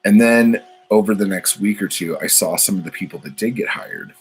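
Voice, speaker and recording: A man's voice: fairly low pitch, moderate pace, slight background noise, low-quality recording. A man, a poet, talking in a casual, profane, meandering monologue full of fillers.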